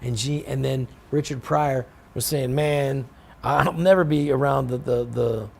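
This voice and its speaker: A man's voice: medium pitch, unhurried, creaky. A man from San Francisco, a show guest, telling rambling anecdotes, acting out other people's voices and swearing freely. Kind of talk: animated storytelling.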